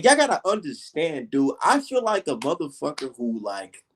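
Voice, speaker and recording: Profane ranting man, fairly high voice. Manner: profane, heated, talks straight to viewers. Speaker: vlogger. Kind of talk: casual ranting vlog.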